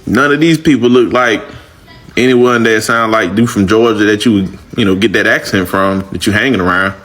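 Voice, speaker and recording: Man, low-pitched, slangy and emphatic, casual reaction commentary. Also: normal speed, a bit bright. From northern Louisiana.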